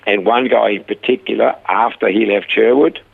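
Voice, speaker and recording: Gravelly older man on a phone line. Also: lowish voice, moderate pace. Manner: animated retelling, voice rising when quoting himself. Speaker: guest, rehab centre founder. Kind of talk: storytelling in a conversation.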